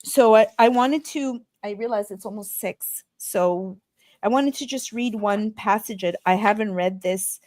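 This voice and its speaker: A woman's voice: mid-range voice, a little slow, darkish tone, no echo, studio quality. A woman hosting a podcast interview, talking in a chatty, loose way with frequent restarts. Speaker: podcast host. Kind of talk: casual interview chat.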